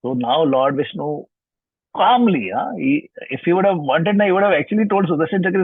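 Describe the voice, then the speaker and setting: A man tells scripture stories in an online lesson, often repeating and rephrasing himself. His voice is husky and somewhat high. The sound is dry and thin, like a phone-like video call. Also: animated, normal speed, no room sound. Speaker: scripture teacher. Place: online session from home. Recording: tinny video-call line.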